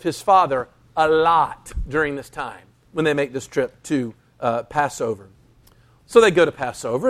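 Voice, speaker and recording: A pastor with a high voice preaches an emphatic, animated sermon. He slows down for dramatic pauses and acts out the lines he quotes.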